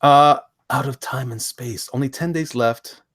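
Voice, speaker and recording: A man's voice: medium pitch, unhurried, crowd noise. A man hosting a casual chat show, flipping through comics, often laughing and repeating himself. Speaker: host.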